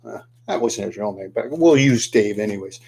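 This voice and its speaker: A man telling a folksy story, animated, asking the listener questions as he folds a paper boat. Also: fairly low pitch, moderate pace, vocal fry, breathy edge. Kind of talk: oral storytelling to the camera.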